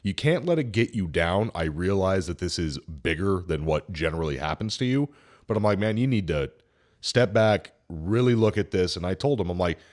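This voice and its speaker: A man's voice: low-pitched, animated, moderate pace, a little mellow. A man co-hosting a podcast, retelling a workplace story in a joking, casual way and quoting the people in it. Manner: joking, retells stories with quoted dialogue. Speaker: podcast co-host.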